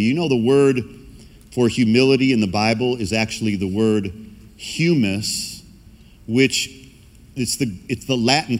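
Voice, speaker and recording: Male pastor, animated sermon delivery with acted-out quotes, mid pitch, long hall reverb. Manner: animated preaching, acts out quoted voices.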